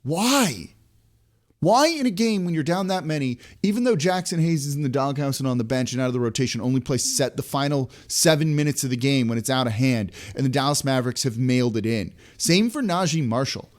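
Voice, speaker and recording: A sports podcast host rants in exasperation, restarting sentences often and firing off rhetorical questions. His medium-pitched, darkish voice moves at a quick pace with few pauses.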